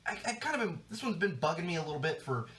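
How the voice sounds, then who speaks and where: A man's voice: fairly high pitch, big pitch swings, fast, background noise. A man hosting a podcast, ranting in an exasperated, emphatic way and swearing often. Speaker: podcast host. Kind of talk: solo podcast rant. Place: studio.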